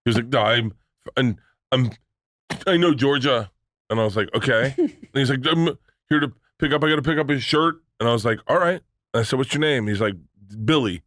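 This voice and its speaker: A man's voice: medium pitch, a little fast, dry recording, clean studio sound. A middle-aged man, a podcast guest, telling stories in casual chat, acting out the voices of people he quotes and swearing freely. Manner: animated storyteller who acts out quoted voices, swears freely.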